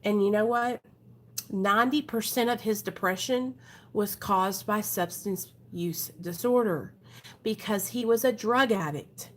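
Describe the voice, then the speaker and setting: A woman's voice: mid-range voice, measured pace. A woman hosting a recovery livestream from her home, talking to her viewers in a frank, earnest, casual way. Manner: frank and earnest, often addresses viewers as "you guys". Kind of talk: casual live-stream talk to viewers.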